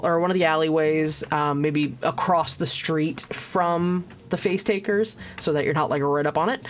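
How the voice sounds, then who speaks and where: A woman narrating as game master of a tabletop game, halting with many pauses and restarts. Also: medium pitch. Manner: halting, lots of ums and restarts, laughs. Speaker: dungeon master.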